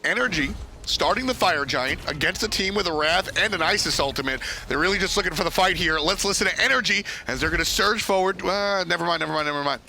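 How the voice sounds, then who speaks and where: A man giving live play-by-play on an esports match, energetic and teasing his co-caster. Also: high-pitched, brisk, slight background noise. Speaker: esports commentator.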